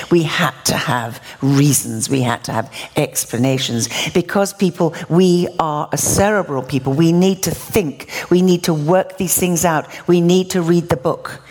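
A woman's voice: deep voice, darkish tone, breathy edge. An older woman preaching a sermon, telling stories with laughter and acting out the dialogue. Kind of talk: storytelling sermon.

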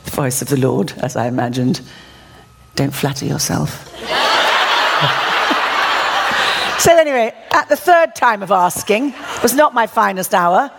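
Lively, laughing woman preacher. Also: medium pitch, moderate pace, gravelly, few pauses, noisy background. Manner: lively, self-mocking, laughs through her stories. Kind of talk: humorous storytelling sermon.

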